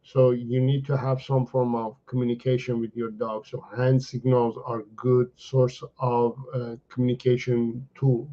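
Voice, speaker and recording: Slow-talking man answering dog questions. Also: mid-range voice, little pitch movement, warm tone, highs cut off. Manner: chatty, repeats words, lots of "you know" and "right?". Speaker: dog trainer. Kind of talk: live-stream Q&A.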